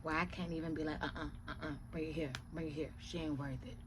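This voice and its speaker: A woman quoting a curt, dismissive woman who scolds a friend bluntly, in a low voice. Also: fairly even intonation, quick pace, background noise, natural voice. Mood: scolding.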